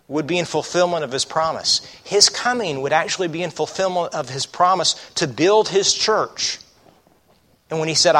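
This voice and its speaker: A man's voice: fairly high pitch, fairly bright tone. A man preaching a sermon as a pastor, reading scripture aloud and asking the congregation rhetorical questions. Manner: reads scripture aloud with emphasis.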